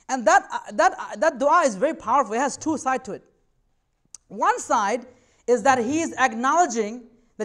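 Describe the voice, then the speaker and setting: A man's voice: extremely high pitch, a little fast, a bit bright. A man giving a religious talk to students, earnest and conversational, reassuring his listeners in a loose, chatty way. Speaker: invited speaker.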